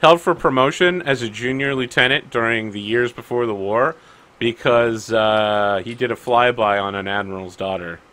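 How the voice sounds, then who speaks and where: A man's voice: mid-range voice, steady tone, normal speed, pushed and bright. A man running a tabletop game as game master, narrating with playful teasing.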